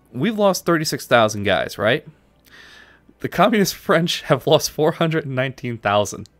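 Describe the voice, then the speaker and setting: Recorded with no room sound, this mid-range male voice belongs to a New Yorker streaming a strategy game live. He's chatty, replying to viewer messages in between his moves.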